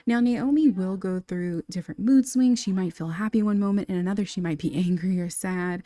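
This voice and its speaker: A woman's voice: medium pitch, a little fast, dark tone, dry recording. Chatty woman narrating a game. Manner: chatty, laughs often, many fillers. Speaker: game let's play narrator. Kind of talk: casual gameplay storytelling.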